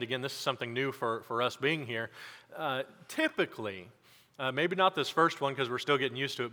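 Halting, emphatic pastor in a reverberant church. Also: male voice, medium pitch, pushed and bright. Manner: halting with many fillers, then emphatic preaching. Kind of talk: sermon with announcements. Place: church sanctuary.

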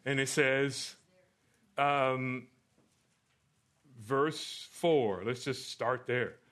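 A man preaching and answering questions in a church Q&A, animated and rising loud at points of emphasis. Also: medium pitch, drawn-out words. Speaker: pastor. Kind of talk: sermon Q&A.

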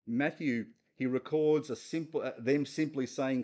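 A man's voice: medium pitch, moderate pace, hardly any pauses, a little mellow. A man preaching a conversational sermon, earnest and putting questions straight to his listeners. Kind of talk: conversational sermon on a Bible passage.

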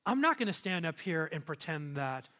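A man's voice: a little high, sing-song, normal speed, bright, forceful tone. A man preaching a sermon as pastor, conversational and earnest, turning emphatic at times.

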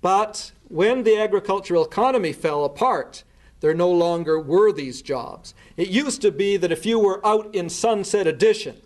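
A man speaks in a noticeably high voice for his sex. He tells a story earnestly in a spoken talk. He lays out events in order and often restarts his words mid-phrase. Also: animated, normal speed. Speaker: speaker recounting a case.

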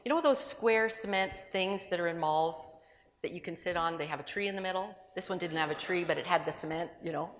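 A woman's voice: fairly low pitch, a little fast, long reverb tail. A woman speaking to a gathering, telling a personal story in a conversational, sermon-like way with asides and restarts. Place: large room with an audience.

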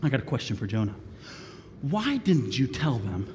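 A man preaching a sermon, retelling a story theatrically and swinging between shouts and whispers. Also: medium pitch, sing-song, normal speed, slight background noise. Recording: long reverb of a large room.

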